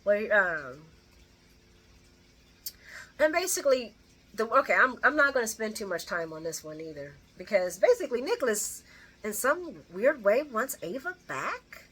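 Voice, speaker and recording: Chatty woman recapping a soap, bright voice. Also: a little high, very animated, moderate pace, pauses often, breathy edge. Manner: chatty, rambling with frequent restarts and laughs. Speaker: soap opera recap host. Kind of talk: casual spoken recap.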